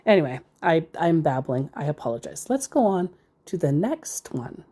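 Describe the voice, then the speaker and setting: A woman's voice: low voice, big pitch swings, moderate pace, dark tone. A woman giving casual, sarcastic commentary as she reads out messages from scammers, rambling into asides. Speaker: scambaiter reading scam chats.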